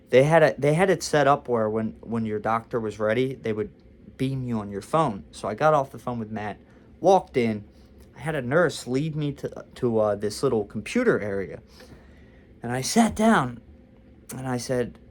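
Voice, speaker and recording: A man's voice: medium pitch, animated, normal speed. A young man vlogging a casual storytime, talking candidly and confessionally about his own experience.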